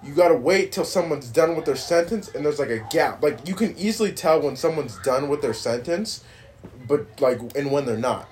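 A man's voice: fairly high pitch, lively intonation, normal speed, a little mellow, a little hiss or hum. A man co-hosting a podcast, arguing in a heated casual chat, frustrated, trailing off and restarting sentences. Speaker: podcast co-host.

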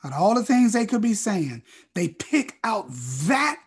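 A man preaching a sermon, reading scripture and swinging from loud declarations down to hushed near-whispers. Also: high-pitched, very animated, unhurried, husky.

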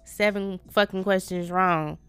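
A woman's voice: medium pitch, fairly even intonation, measured pace, a bit bright, smooth, soft background music. A woman hosting her own podcast, venting in a casual, profane, self-deprecating way. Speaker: podcast host. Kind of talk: casual solo podcast monologue.

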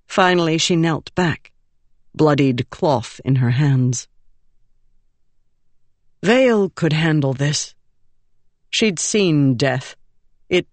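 A narrator reads a fantasy novel in a measured, expressive way, with a slow pace and a lively, wide-ranging pitch. The recording is close and dry, with no room sound. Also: dry recording. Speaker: audiobook narrator.

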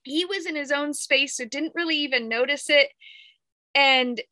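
Woman in her 30s rambling about her week, candid, laughs a lot, bright dry close voice. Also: high-pitched, normal speed, no room sound. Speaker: podcast host. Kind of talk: casual reflective monologue.

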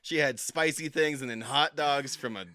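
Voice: mid-range voice, moderate pace, a crowd in the background, lightly acted. Someone playing a flirty, bawdy woman judge. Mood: gushing. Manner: camp, teasing, bawdy banter. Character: flirty, scatterbrained woman cooking-show judge. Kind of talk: improvised comedy role-play.

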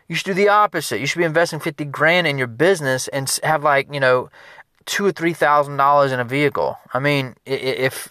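A man, a business consultant, giving an energetic motivational talk in a conversational, repetitive way. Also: medium pitch, no echo, clean studio sound.

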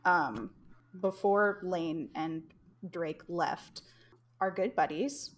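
Young woman podcast host, low voice, slow unhurried delivery, rambling chatty storytelling. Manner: rambling, laughs often, swears casually. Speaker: podcast host telling history. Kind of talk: casual chat.

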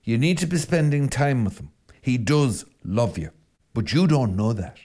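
A middle-aged Irish priest talking on a podcast in a conversational, teasing, exhorting way. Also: male voice, medium pitch, very animated, moderate pace, mellow. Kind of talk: podcast talk.

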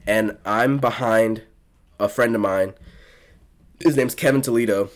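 A man's voice: fairly low pitch, a little slow. A young man from South Florida hosting a podcast, telling a rambling story full of swearing and restarts in casual chat. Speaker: podcast host.

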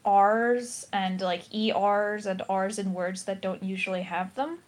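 A woman's voice: mid-range voice, measured pace. An American woman in casual discussion, analytical and thinking aloud with restarts and fillers. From United States. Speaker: podcast co-host.

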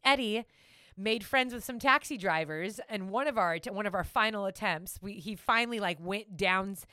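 A woman's voice: medium pitch, normal speed, clear, resonant tone, no echo, studio quality. A woman telling a travel story in casual chat, giggling and acting out quotes. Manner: animated, giggly, acts out quotes.

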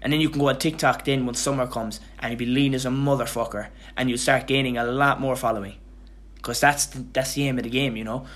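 A young man talks alone into his podcast mic, tired and loosely rambling. His voice sits at an ordinary middle pitch, and he starts sentences over and throws in casual swearing as he goes. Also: fairly even intonation, fast talker, fairly bright tone. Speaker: podcast host. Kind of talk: casual motivational monologue.

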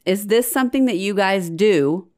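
A woman's voice: mid-range voice, a little mellow. A woman co-hosting a casual talk show, chatting over drinks in a teasing, playful way. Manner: teasing, playful, quick to laugh. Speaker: podcast co-host. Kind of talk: casual chat while drinking.

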